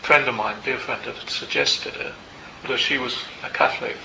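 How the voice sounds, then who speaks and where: An older man, a meditation teacher, tells a personal story to a group in a Buddhist centre, in a reflective and unhurried way with small asides. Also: medium pitch, steady tone, gravelly, background noise. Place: Buddhist centre meeting room. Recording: roomy, slightly dull hall recording.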